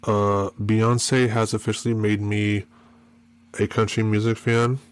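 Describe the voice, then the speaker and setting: A man's voice: lowish voice, little pitch movement, measured pace, smooth, no echo. A man from Maryland hosting a solo podcast, rambling and joking with lots of fillers. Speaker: podcast host. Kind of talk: casual solo podcast chat.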